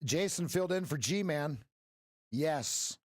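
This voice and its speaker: Speaking straight to his stream audience with lots of "right?", an energetic coach talks through live trades. He's losing his voice, which sits a little high and is turning hoarse, captured in a close, dry recording with no sense of a room.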